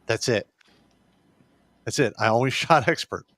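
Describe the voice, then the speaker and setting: A man in his fifties, an Army veteran co-host, talking in terse, gruff bursts and keeping things short. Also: medium pitch, a little slow, a bit bright, dry recording. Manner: terse, gruff, agreeing interjections. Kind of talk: casual political talk show.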